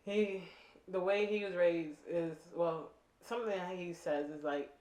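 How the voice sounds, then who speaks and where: A woman in her thirties co-hosting a podcast, telling stories in slangy, animated casual chat with voiced quotes. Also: fairly low pitch, unhurried. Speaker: podcast co-host. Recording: echoey room.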